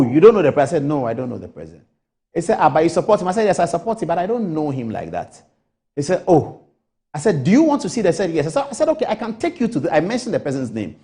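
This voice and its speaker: A middle-aged Ghanaian man tells a story on a TV talk show. His voice is mellow and a little high, and his pitch swings widely as he voices the people in it. He slides from soft asides into sudden high bursts. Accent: Ghanaian English. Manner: acts out both sides of a phone call, jumping high for the caller. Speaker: political guest on TV talk show. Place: TV studio.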